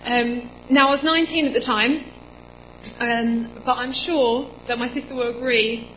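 A woman in her twenties preaching in a church, telling a personal story in a chatty, animated way with lots of quoted dialogue. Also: on the high side, unhurried, highs cut off, slight background noise. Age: 20s.

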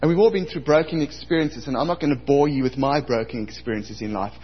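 A man's voice: medium pitch, quick pace, breathy edge. A man in his forties preaching a sermon as pastor, telling stories and acting out his own past outbursts. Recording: dull lo-fi recording.

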